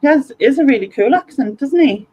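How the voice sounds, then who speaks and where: A woman's voice: sits high, animated, brisk, warm tone, low-quality recording. A woman from North East England with a Sunderland accent, hosting a casual livestream and chatting while reading viewer comments aloud. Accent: Sunderland (Mackem). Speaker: livestream host.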